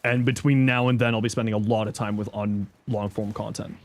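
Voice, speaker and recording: A man livestreaming in casual chat, reading viewer messages aloud and thanking subscribers, thinking out loud. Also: steady tone, a little fast. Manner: squeaky high-pitched outbursts of surprise. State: chewing an apple.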